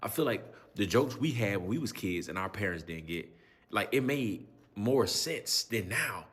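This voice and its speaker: Young coach, husky voice, lively pitch swings, exasperated slangy storyteller. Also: male voice, normal speed. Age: 20s. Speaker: youth coach. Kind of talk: storytelling in casual chat.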